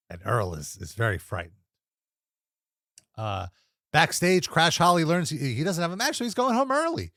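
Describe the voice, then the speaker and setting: A man's voice: on the high side, normal speed, gravelly, pauses often, no echo, studio quality. A young man co-hosting a casual wrestling review podcast, recapping matches with frequent laughs and playful impressions. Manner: lively recapper, laughs often, mimics wrestlers and announcers. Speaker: co-host reviewing wrestling episodes.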